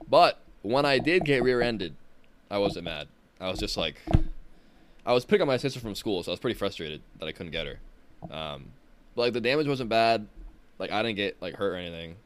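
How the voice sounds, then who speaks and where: A man's voice: lowish voice, expressive, brisk, slight background noise. A young man co-hosting a podcast, talking bluntly and swearing casually, trailing off with "blah, blah". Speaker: podcast co-host. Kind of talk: casual chat.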